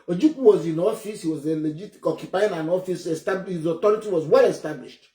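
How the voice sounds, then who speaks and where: Nigerian man, high-voiced, sharp and indignant commentator, echoey room. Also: fast talker. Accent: Nigerian English. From Nigeria (Enugu State). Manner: indignant, emphatic, blunt. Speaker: political commentator. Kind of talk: heated political commentary. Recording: roomy echo.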